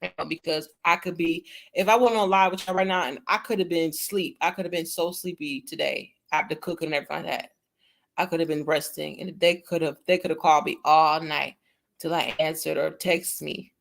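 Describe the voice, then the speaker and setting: A woman's voice: deep voice, fairly even intonation, fairly quick, vocal fry. A young adult woman chatting casually on her livestream, blunt and cussing freely as she talks to her viewers. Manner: blunt, cusses freely, speaks to viewers as y'all. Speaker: livestream host. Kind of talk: casual live-stream chat.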